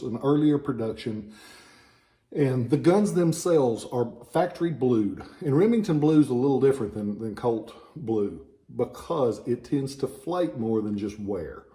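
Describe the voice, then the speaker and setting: A relic dealer with a Southern US accent talks in a warm, dark, mellow voice at a middling pitch. He is chatty and wanders off on tangents, his sinuses a little stuffed up. He speaks from a small office. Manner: chatty and digressive. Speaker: relic dealer and shop owner. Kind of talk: informal product talk.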